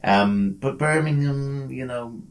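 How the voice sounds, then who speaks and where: A man's voice: medium pitch, takes it slowly. A man co-hosting a casual podcast, joking and bantering, calling listeners lads and mate. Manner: jokey, banter-heavy, says mate and lads. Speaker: podcast co-host. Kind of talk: casual chat.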